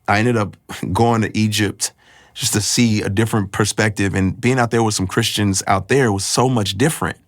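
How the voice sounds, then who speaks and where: A man telling his personal faith testimony in a reflective, halting, emotional way. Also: on the low side, steady tone, no echo, studio quality. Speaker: guest sharing his testimony.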